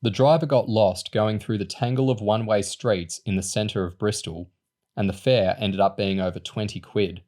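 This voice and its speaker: A man reading a novel aloud in a steady narrating voice. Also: on the low side, normal speed. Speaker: audiobook reader. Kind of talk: storybook reading.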